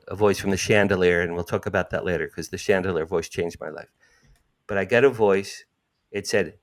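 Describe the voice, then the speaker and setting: Older guy telling a wild story, lowish voice, jumps way up when quoting. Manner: animated, acts out quotes with sudden jumps in pitch. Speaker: guest. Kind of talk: storytelling in an interview.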